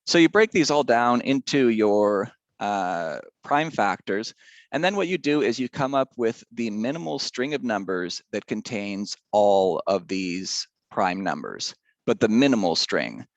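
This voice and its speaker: A man's voice: fairly low pitch, animated, measured pace, dry recording. A male teacher giving a casual math lesson, chatty and rambling, drifting into side stories.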